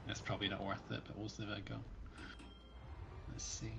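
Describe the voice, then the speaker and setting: A man's voice: fairly low pitch, level tone, a little fast, vocal fry, noisy background. A Scottish man chatting casually as a fellow player on a gaming livestream, playfully opinionated. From Scotland.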